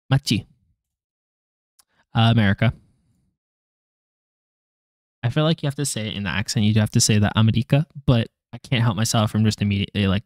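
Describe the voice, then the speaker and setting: A man's voice: on the low side, dry recording, studio quality. A man streaming his language study, chatting casually, joking and rambling, laughing often and trailing off with fillers. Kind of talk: casual live-stream chat.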